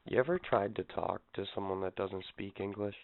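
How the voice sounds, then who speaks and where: A man co-hosting a casual podcast chat, calm and wry as he chimes in. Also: low voice, moderate pace, vocal fry. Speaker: podcast co-host. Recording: tinny phone-like sound.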